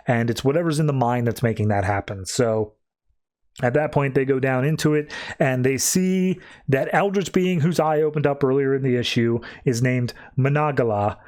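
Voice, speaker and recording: A male podcast host recaps comic books in a casual, chatty manner, filling his talk with plenty of fillers. His voice is mid-range and a little mellow.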